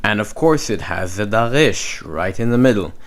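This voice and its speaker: A man's voice: lowish voice, animated, moderate pace. A man teaching Hebrew letters, patiently repeating each sound and stroke several times. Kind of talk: slow step-by-step lesson.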